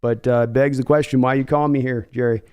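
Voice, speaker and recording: A man's voice: quick pace, clear, resonant tone, natural voice. A man voicing a tired, patient football team general manager in a comedy skit. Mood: weary. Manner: low, flat, tired, patient.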